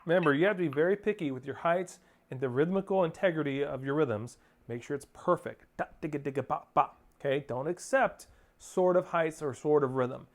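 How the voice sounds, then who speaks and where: A man's voice: fairly high pitch, brisk. A man teaching a percussion lesson, counting off and singing rhythms aloud as he coaches. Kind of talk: instructional drum lesson. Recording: spoken over loud percussion playing.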